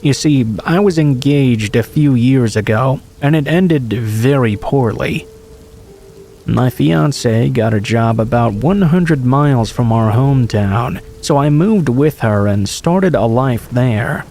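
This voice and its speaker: A man narrating true horror stories in a calm, measured, scripted way. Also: medium pitch, slight background noise.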